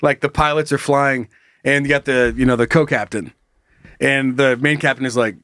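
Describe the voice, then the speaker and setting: A man co-hosting a comedy podcast in casual chat, laughing often and jumping into animated bits. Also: mid-range voice, normal speed, no echo, clean studio sound. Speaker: podcast co-host.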